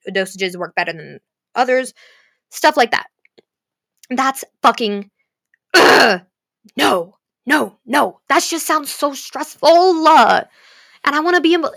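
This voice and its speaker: A woman's voice: on the high side, pushed and bright, dry recording, clean studio sound. A young woman talking candidly to camera in a rambling, self-deprecating way, swearing freely. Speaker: vlogger. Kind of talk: candid personal vlog.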